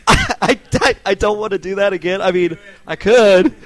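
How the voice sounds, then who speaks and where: A man's voice: high-pitched, a little slow, no room sound. A man in his twenties, guest on a podcast recorded in a bar, joking and swearing in casual banter. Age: 20s. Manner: joking, swearing, self-deprecating.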